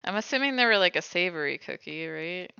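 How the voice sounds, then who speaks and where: A woman chats casually on a baking livestream, thinking aloud as she works. Her voice is bright and crisp, with some vocal fry. The recording is dry and a little dull, with a lo-fi sound. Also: on the low side, animated, a little fast, no room sound. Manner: chatty, thinks aloud while cooking. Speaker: streamer.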